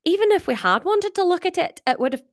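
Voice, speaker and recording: A woman voicing a brisk female Scottish police officer in a wobbly, self-conscious put-on Scottish accent. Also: very high-pitched, sing-song, no echo, studio quality, pitched above the performer's own voice. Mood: explaining. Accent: attempted Scottish.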